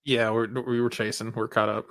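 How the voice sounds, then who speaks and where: A man's voice: mid-range voice, little pitch movement, brisk, fairly bright tone, clean tone, no room sound. A man playing a tabletop game, chatting casually and swearing in disbelief. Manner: bemused, cursing. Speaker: player.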